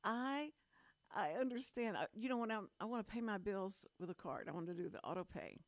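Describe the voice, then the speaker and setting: A woman in her fifties hosts a community radio talk show, chatting loosely and laughing often. Her voice sits at a middle pitch. The studio sound is dry and close. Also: lively intonation, fast talker, no echo. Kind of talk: casual on-air chat.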